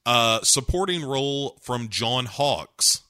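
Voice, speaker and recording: A man co-hosting a casual film chat, lively and opinionated, steering the conversation. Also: mid-range voice, slow pace, dry recording.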